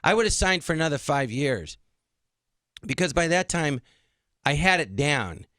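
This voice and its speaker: In a casual radio interview, a middle-aged comedian guest tells his stories with lots of energy and acts out what others said. His voice sits a little high and moves at a normal speed. The recording is dry.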